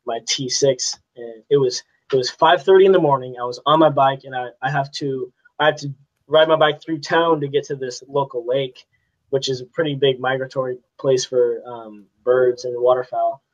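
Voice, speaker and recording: A man's voice: medium pitch, steady tone, normal speed. Teenage boy telling a story, lo-fi sound. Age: teens. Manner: youthful, laughs often, storytelling. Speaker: guest photographer. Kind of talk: casual interview chat. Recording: dull, lo-fi sound.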